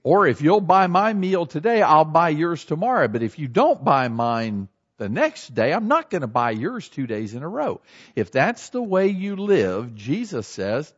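A man preaching a sermon as a pastor, animated and acting out everyday scenes in shifting voices. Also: on the high side, measured pace, slightly rough, highs cut off.

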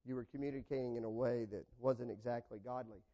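A man preaching a sermon, swinging from loud, raised points down to quiet, low asides and acting out the people in his examples. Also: fairly even intonation, a little fast, highs cut off. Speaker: pastor.

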